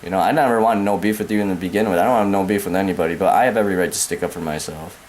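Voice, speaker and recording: A man's voice: low-pitched, very fast, a little mellow, a little hiss or hum. A young American man ranting angrily to camera, profane and repetitive, calling the listener man and dude. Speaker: vlogger. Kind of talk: angry rant to camera.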